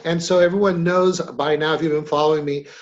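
A man hosts a hypnosis training chat with a slightly raised pitch, affirming his guest and keeping it conversational. The audio is a little dull and lo-fi. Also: steady tone, fairly quick. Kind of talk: casual teaching talk.

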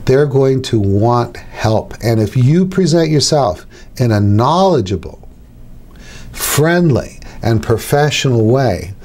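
A man's voice: medium pitch, lively intonation, slow, a little mellow. A middle-aged man who works as a hypnotist, teaching other hypnotists in a casual, conversational way. He repeats his key phrases and acts out little dialogues. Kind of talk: instructional talk to camera.

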